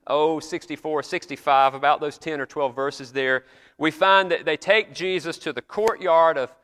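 A man's voice: fairly high pitch, a bit bright, clean tone, long reverb tail. A man preaching a sermon in a chapel, retelling scripture in an earnest, conversational storytelling way.

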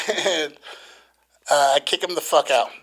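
A man with a fairly high, bright voice tells a rowdy story in casual podcast chat. He swears nonstop and acts out the lines of the people in it with lively energy. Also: measured pace, slightly rough. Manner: animated, swears constantly, acts out quotes.

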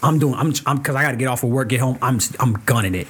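Man, husky voice, animated storyteller, cursing freely, casual podcast chat. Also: mid-range voice, fast. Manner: animated storyteller, acts out quotes, curses freely. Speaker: podcast guest, comic creator.

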